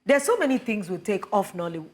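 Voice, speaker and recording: A woman speaking on a TV panel, earnest as she builds her case step by step. Her voice sits at an ordinary middle pitch. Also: very animated, fast talker. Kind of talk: panel discussion.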